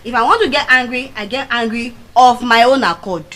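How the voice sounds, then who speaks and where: A middle-aged woman with a Nigerian accent giving a motivational speech at a public event, telling personal stories with dramatic swings of pitch and loudness. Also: brisk, low-quality recording. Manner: animated storytelling with dramatic swings in pitch and volume. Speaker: public speaker. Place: venue of a public speaking event.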